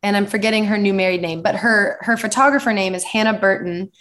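A woman's voice: mid-range voice, fairly bright tone. A young American woman in her twenties, a singer being interviewed, bubbly and enthusiastic. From United States. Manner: bubbly, enthusiastic, quick to laugh. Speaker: singer-songwriter guest. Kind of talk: interview answers.

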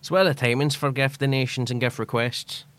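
A man's voice: mid-range voice, fairly even intonation, fairly quick, fairly bright tone, no echo. A man hosting a community radio show, introducing a guest and asking questions in a friendly, lightly joking way. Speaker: radio host.

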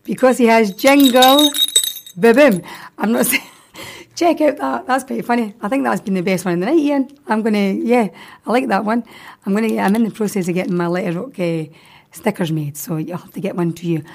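Woman radio host, mid-pitched, easygoing chat between tracks. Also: a little fast, gravelly, a little mellow. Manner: chatty, reads listener jokes aloud.

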